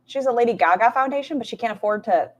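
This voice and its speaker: A woman's voice: on the high side, animated, very fast. A woman doing casual, sarcastic live-stream commentary, swearing freely and talking to her chat. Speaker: reaction streamer.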